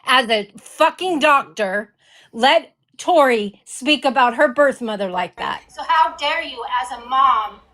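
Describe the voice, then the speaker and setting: Furious high-voiced woman ranting. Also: lively intonation, measured pace, bright, forceful tone. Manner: furious, swearing, repeating accusations. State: enraged. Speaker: reaction video host. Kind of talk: heated commentary.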